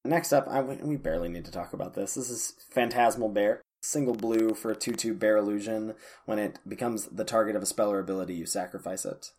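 A man's voice: lowish voice, steady tone, fairly quick, darkish tone. A man co-hosting a podcast in casual chat, often restarting his sentences and arguing a skeptical point. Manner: hesitant restarts, skeptical and argumentative. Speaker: podcast co-host. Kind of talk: casual chat about card-game strategy.

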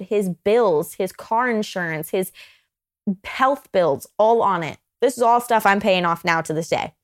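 A young adult woman, a podcast guest, telling a personal story in casual chat and often saying "like". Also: medium pitch. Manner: chatty, filler-heavy with frequent "like".

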